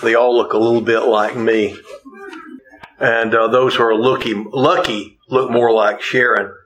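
A man preaching a sermon from the pulpit, earnest and plainspoken. He drives points home by repeating key phrases. He drops in folksy, gently humorous asides, all at a mid-range pitch. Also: flat delivery, measured pace, poor audio. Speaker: pastor.

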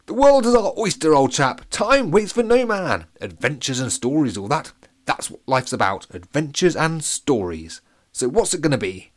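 A man's voice: on the high side, big pitch swings, normal speed, voice pushed up. A man voicing a cheerful, posh living pancake who talks like an old-fashioned soldier. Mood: jolly, enthusiastic. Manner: unnaturally enthusiastic, posh.

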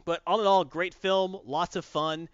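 Podcast host, male, animated movie recap; smooth voice, lo-fi dry recording. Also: high voice, normal speed, no room sound. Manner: animated, acts out scenes in funny voices. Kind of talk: casual movie review chat. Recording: dull lo-fi dry sound.

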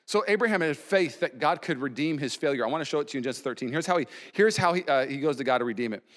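A man in his thirties preaching a sermon as pastor, animated, with sudden loud exclamations. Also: on the high side, very fast.

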